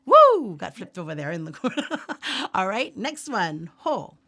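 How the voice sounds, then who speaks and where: A woman leading a workshop, teaching Hawaiian pronunciation slowly and patiently with repeat-after-me drills. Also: lowish voice, sing-song, fairly bright tone. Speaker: ukulele and Hawaiian language teacher.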